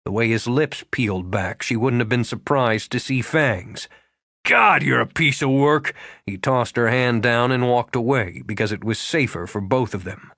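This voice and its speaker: A man reading a romance audiobook aloud, with expressive storytelling. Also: medium pitch, moderate pace, hardly any pauses, dry recording, studio quality. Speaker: audiobook narrator. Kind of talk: scripted narration.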